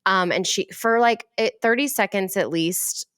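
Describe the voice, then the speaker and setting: Woman, podcast co-host, casual chat, animated storyteller, mid-pitched, dry close recording. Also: moderate pace, smooth, dry recording. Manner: animated storyteller, acts out quoted people. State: mother.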